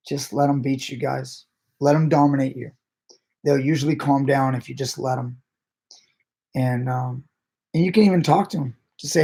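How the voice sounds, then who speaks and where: A man's voice: medium pitch, steady tone, moderate pace, warm tone, slightly rough. A man, a grappling coach, chatting casually as he answers viewer messages, blunt and swearing freely, often laughing.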